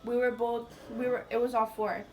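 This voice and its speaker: Chatting through a storytime monologue, a young woman beauty vlogger curses freely, says "like" constantly, and drops Spanish slang. Her slightly high voice barely moves in pitch at a moderate pace, and she's a bit far from the mic amid a noisy background.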